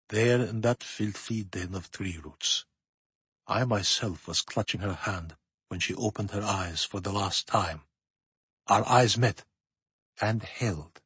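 A man reading an audiobook with measured, hushed storytelling. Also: fairly low pitch, husky, no echo. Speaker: audiobook narrator. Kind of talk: scripted narration.

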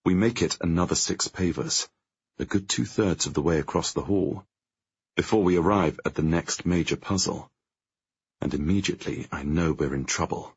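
A man narrating a first-person audiobook in a tense, measured way, with a gravelly, husky voice. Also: low-pitched, dry recording. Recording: dry, dull lo-fi audio.

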